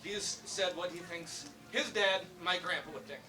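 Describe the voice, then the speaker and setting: A man's voice: high voice, normal speed, very noisy. A young man giving a humorous introduction speech for his father, telling a story with many fillers. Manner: storytelling, joking, hesitant fillers. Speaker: son introducing the speaker. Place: election night event room. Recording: distant mic with loud crowd.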